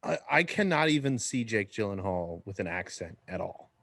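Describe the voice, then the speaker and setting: A man chatting as a podcast guest, dropping quick, wry remarks. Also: on the low side, sing-song, gravelly, a bit bright, no echo, clean studio sound. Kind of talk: casual chat.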